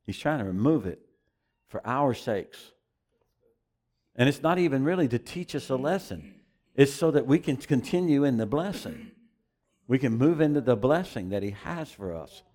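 A man's voice: medium pitch, expressive, normal speed, long pauses, darkish tone. A man preaching a sermon as pastor, emphatic and repeating phrases for emphasis.

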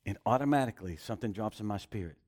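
A man's voice: fairly low pitch, lively intonation, racing, darkish tone. A man preaching a sermon with emphasis, mixing scripture with personal testimony and rhetorical questions.

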